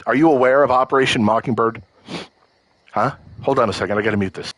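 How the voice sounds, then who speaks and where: A man's voice: medium pitch, fast, fairly bright tone, no room sound, poor audio. A man hosting a livestream, ranting about politics in a heated, profane and emotional way, often stumbling over his words as he restarts. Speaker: livestream host. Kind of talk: live political rant.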